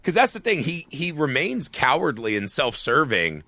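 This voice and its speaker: A man with a very bright, forceful voice co-hosts a casual film podcast. He recounts scenes with swearing and animated energy. The sound is close and dry. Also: a little high, moderate pace, no echo. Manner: profane, animated scene retelling. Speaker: podcast co-host.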